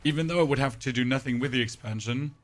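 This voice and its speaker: A man streaming a game live, chatting with his viewers in a hoarse, nearly lost voice and speaking in a very flat monotone, often ending thoughts with "right?". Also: mid-range voice, quick pace. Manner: talks to chat with frequent "right?". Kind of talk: casual live-stream chat while playing.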